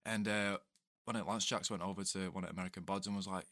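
A man's voice: low-pitched, steady tone, fast, fairly bright tone, dry recording, clean studio sound. A man co-hosting a podcast, blunt and sweary, ranting in bursts of exasperation. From United Kingdom. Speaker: podcast co-host. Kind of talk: casual chat.

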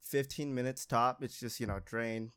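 A young man tells a story in a casual, rambling way, stopping to laugh at himself. His voice sits at an ordinary middle pitch, and he talks like he is chatting with friends. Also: steady tone, normal speed, a bit bright, clean tone. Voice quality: laughs often, rambling and self-mocking. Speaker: auto shop worker telling a story.

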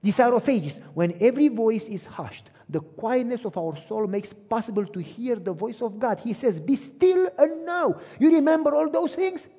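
A middle-aged male pastor preaching in a large hall, his voice carrying a long reverb. He speaks in a fairly high, slightly husky tone, telling stories with animation. He playacts both sides of remembered conversations. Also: normal speed, few pauses. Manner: animated storytelling, acts out both sides of phone calls. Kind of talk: sermon with personal stories.

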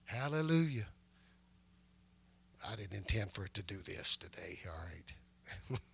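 An older man preaching a sermon, conversational and punctuated with amens, building to loud, emphatic passages. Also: lowish voice, big pitch swings, measured pace, gravelly, breathy edge. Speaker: pastor.

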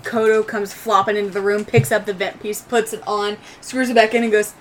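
A woman's voice: mid-range voice, flat delivery, fairly quick, low-quality recording. A woman game master narrating a tabletop game dramatically, swearing casually.

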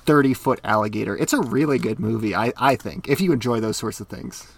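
A man co-hosting a podcast, talking in an easygoing, measured way in casual chat. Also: mid-range voice, gravelly. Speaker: podcast co-host.

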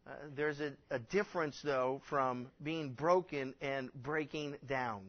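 A man's voice: medium pitch, a little slow, lo-fi sound. A man preaching a sermon as pastor, earnest and growing emphatic, with frequent restarts and fillers. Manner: earnest, rising to emphatic when quoting scripture.

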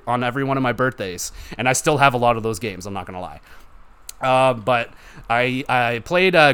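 A man's voice: mid-range voice, fairly bright tone, clear, resonant tone. Rambling, foul-mouthed young man. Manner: rambling, profane, heavy use of "like". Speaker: podcast host. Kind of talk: casual solo gaming podcast.

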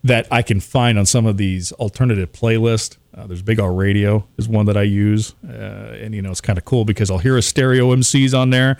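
A man's voice: on the low side, steady tone, a little fast, creaky, hardly any pauses, darkish tone, dry recording. A man, a radio DJ chatting casually as a podcast guest, rambling and poking fun at himself. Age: 40s. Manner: rambling, self-mocking, chuckles often.

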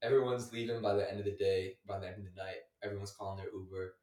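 A young man telling a story in a casual chat, full of filler words, laughing often and going higher when he quotes people. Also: little pitch movement, fast, mellow, reverberant, recorded from a distance.

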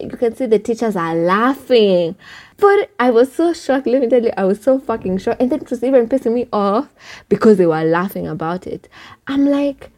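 Young Kenyan woman, animated podcast host. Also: on the high side. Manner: animated, swears freely, mixes English and Sheng. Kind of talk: casual chat.

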